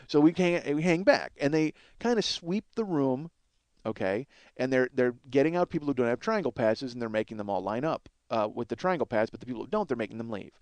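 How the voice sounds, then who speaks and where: A man's voice: medium pitch, lively intonation, fairly quick, darkish tone, dry recording. A man telling a rambling, profane story as a podcast host, acting out what others said. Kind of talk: casual storytelling monologue.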